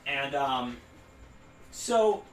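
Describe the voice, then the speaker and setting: A man's voice: mid-range voice, animated, extremely slow, recorded from a distance. A man in his twenties, co-hosting a podcast, telling a rambling story full of fillers and laughing through it. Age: 20s. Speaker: podcast co-host. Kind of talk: casual storytelling chat. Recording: roomy echo, off-mic, faint noise.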